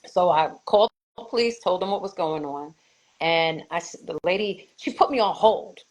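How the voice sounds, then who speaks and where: A woman with a New York accent, a guest telling a personal story in an animated way, acting out others' voices and swearing. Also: lowish voice, normal speed, low-quality recording.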